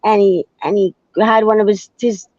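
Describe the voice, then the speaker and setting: A woman in her thirties from Canada, a podcast guest recalling her past in a halting way, with many restarts and frequent "right?". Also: mid-range voice, fairly even intonation, a crowd in the background. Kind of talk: candid conversation. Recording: dull lo-fi sound.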